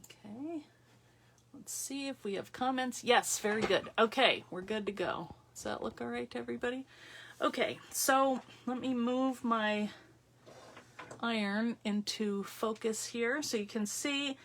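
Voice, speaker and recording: A woman hosts a live craft tutorial on her phone from her craft table, speaking a little high and unhurried over slight background noise. She chats casually, thinks aloud as she works and greets viewers by name.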